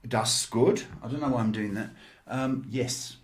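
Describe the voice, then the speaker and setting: Slow, rambling man giving psychic advice. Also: medium pitch. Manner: slow, rambling, many fillers, calls callers "baby". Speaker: psychic reader and show host. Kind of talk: livestream reading and advice.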